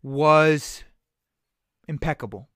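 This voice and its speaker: A man's voice: a little high, slow, clear, resonant tone, no room sound, studio quality. A man co-hosting a movie podcast, chatting casually and emphatically, repeating his points. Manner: animated, emphatic, repeats phrases. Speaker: podcast co-host.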